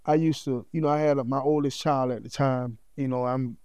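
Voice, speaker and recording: A man's voice: medium pitch, steady tone, brisk, darkish tone, smooth, no echo. A middle-aged man, a podcast guest, telling his life story in a heartfelt, conversational way that is peppered with "you know what I'm saying.".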